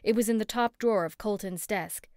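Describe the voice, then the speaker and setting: Expressive woman audiobook narrator, dry sound. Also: mid-range voice, fairly quick, no echo. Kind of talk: first-person scripted narration.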